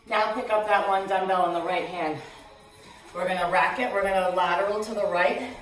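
A woman fitness instructor coaching a live workout, out of breath, cueing moves and counts with energetic encouragement. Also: mid-range voice, normal speed, heavy reverb, recorded from a distance, soft background music, poor audio.

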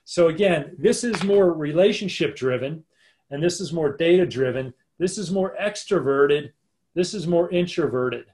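A man coaching a live online leadership workshop over a video call, in a chatty, informal way, acting out quick example lines. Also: a little high, a little mellow.

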